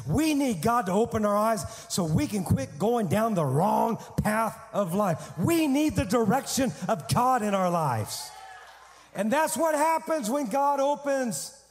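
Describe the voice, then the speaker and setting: A male pastor preaching a sermon, telling a story in an animated way with humor. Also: very high-pitched, unhurried, long reverb tail.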